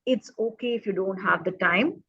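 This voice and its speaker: A woman's voice: mid-range voice, normal speed, pushed and bright, breathy edge, no room sound, highs cut off. A woman child psychologist giving earnest, emphatic advice in a panel talk, repeating her key points.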